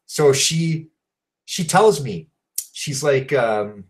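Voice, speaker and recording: A man's voice: medium pitch, lively intonation, drawn-out words, rough recording. A man hosting a show, telling a story in a casual, rambling way, swearing often and filling gaps with "like" and "you know". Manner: profane, rambling, heavy fillers. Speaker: show host.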